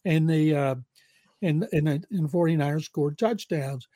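An older man with a Southern accent and a slightly high-set voice tells stories in a loose, rambling way. He gives his football takes bluntly. The sound is close and dry. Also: normal speed, dark tone, dry recording. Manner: rambling anecdotal, blunt opinions. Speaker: veteran NFL writer, guest. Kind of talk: casual storytelling and football analysis.

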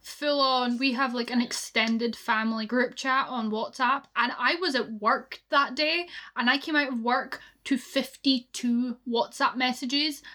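A woman's voice: a little high, pushed and bright. A young Scottish woman co-hosting a podcast, chatting casually and laughing often. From Scotland. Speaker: podcast co-host. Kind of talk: casual chat.

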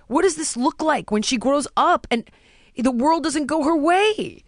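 A woman's voice: high-pitched, lively intonation, a little slow, no room sound, studio quality. A woman, telling stories in a casual chat and mimicking the voices of other people.

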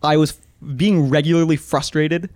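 A man's voice: on the high side, steady tone, moderate pace, a little mellow, no room sound. A young man chatting as a podcast guest, laid back and a bit hesitant, often repeating words as he talks. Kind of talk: casual chat.

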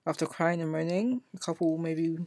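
A woman's voice: low-pitched, normal speed, darkish tone, no room sound. A young woman hosting a casual solo podcast, chatty and self-mocking, often acting out her past self in quoted asides. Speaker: podcast host.

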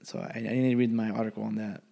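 A man's voice: lowish voice, level tone, fast, vocal fry, mellow. Rambling, foul-mouthed young man. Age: young adult. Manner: rambling and profane. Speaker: college student. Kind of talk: casual chat.

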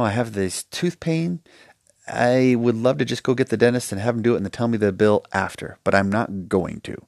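Emphatic, gravelly-voiced male podcast host. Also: lowish voice, darkish tone, no room sound, clean studio sound. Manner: emphatic, passionate, acts out little dialogues. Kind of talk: solo podcast advice monologue.

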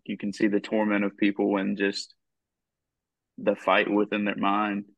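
A man co-hosting a podcast, speaking in a hesitant, halting way with a gravelly voice. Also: lowish voice, completely flat delivery, dry recording. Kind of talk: casual conversational discussion. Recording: dull lo-fi dry sound.

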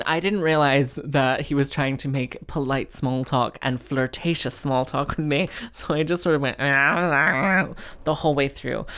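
A woman's voice: extremely low pitch, clean tone. A young woman hosting a podcast, telling stories in a rambling, self-mocking, tangent-hopping way. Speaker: podcast host. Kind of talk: casual comedic storytelling.

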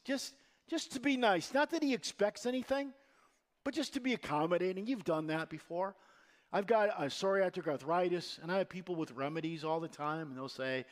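A man's voice: high voice, lively intonation, moderate pace. A man preaching a sermon as pastor, in a conversational, storytelling manner.

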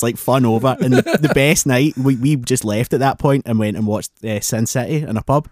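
A man's voice: medium pitch, moderate pace, few pauses, a little mellow, no echo, studio quality. A man co-hosting a casual podcast chat, telling wry, grumbling stories and swearing freely. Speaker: podcast co-host.

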